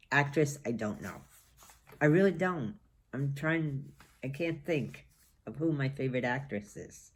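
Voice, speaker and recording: Slow-talking woman in her sixties. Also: low-pitched. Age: 60s. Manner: rambling, musing aloud. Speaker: knitting vlogger. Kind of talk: casual chat.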